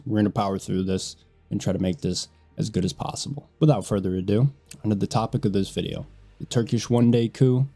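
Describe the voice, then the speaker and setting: A man's voice: fairly low pitch, mellow. A man hosting a casual history video, nasal and congested from a sinus infection, talking bluntly and swearing now and then.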